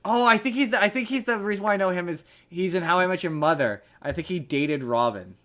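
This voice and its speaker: A man's voice: sits high, expressive, quick pace, sharp tone. A man hosting a casual podcast chat, chatty, teasing and rambling. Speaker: podcast host.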